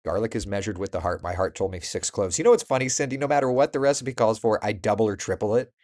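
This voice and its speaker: A man's voice: lowish voice, fast, darkish tone. A man hosting a casual morning chat, reading out and reacting to viewer comments by name, with laughs along the way. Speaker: host.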